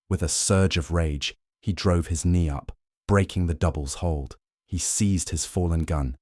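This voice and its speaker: Deep-voiced man narrating a thriller. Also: darkish tone, dry recording, studio quality. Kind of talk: scripted dramatic narration.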